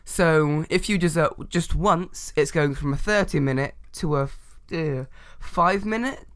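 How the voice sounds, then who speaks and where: Dry, teasing co-host. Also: male voice, a little high, a little slow, a bit bright. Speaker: podcast co-host. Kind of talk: casual podcast chat.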